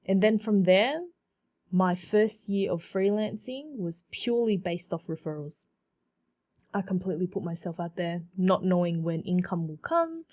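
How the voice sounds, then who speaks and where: Chatty woman telling her story. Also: on the low side. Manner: chatty, animated, many fillers and repeats. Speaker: podcast host. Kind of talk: casual solo podcast storytelling.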